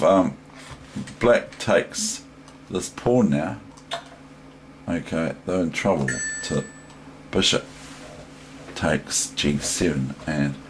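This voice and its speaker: New Zealand man, low voice, unhurried, rambling chess tutor walking through a game. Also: a little hiss or hum. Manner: rambling, digressive, thinking aloud. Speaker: chess teacher. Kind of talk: casual chess lesson.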